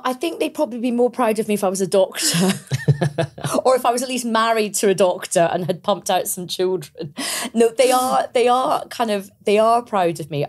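A woman in her forties with a Scottish accent, a podcast guest telling stories in a lively, chatty way with frequent laughs. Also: fairly low pitch. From Scotland. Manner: lively storyteller, laughs often, mimics her parents. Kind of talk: casual interview chat.

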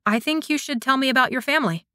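A woman's voice: high-pitched, fast talker, bright, forceful tone, no room sound, clean studio sound, voice pushed up. Woman reading as a stubborn young woman warrior. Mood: protesting. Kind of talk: audiobook narration.

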